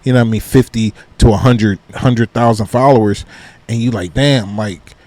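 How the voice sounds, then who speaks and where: A man's voice: medium pitch, steady tone, a little fast, dark tone, no room sound. A man from Philadelphia, a comedian guest on a podcast, chatting casually and animatedly, swearing and saying "you know what I mean" a lot. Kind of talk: casual chat.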